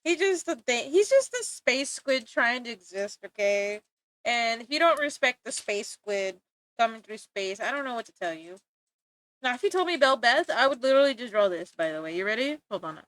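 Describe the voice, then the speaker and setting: Giggly high-voiced woman streamer. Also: big pitch swings, moderate pace, fairly bright tone. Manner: giggly, playful, exaggerated complaints. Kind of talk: casual live-stream chat while drawing.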